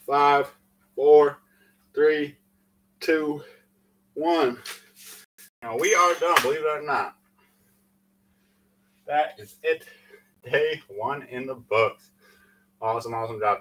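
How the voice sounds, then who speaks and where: A man's voice: mid-range voice, moderate pace, pauses often, bright, forceful tone, slight background noise, low-quality recording. A man leading a live-streamed workout, out of breath after exercising, calling out countdowns and encouragement and chatting with lots of fillers. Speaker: fitness instructor.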